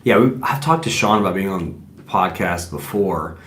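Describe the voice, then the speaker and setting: A man's voice: sits low, animated, normal speed, fairly bright tone. A man co-hosting a live podcast, chatting casually and joking around in playful banter. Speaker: podcast co-host. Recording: echoey room with faint noise.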